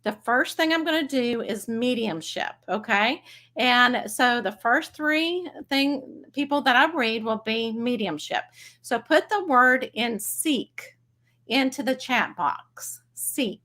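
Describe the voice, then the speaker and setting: A bubbly woman with a Texas accent chats casually to her livestream audience. Her voice sits a little high. She talks in a friendly, rambling way and laughs easily. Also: lively intonation, slow, pushed and bright. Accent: Texan. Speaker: psychic medium livestream host.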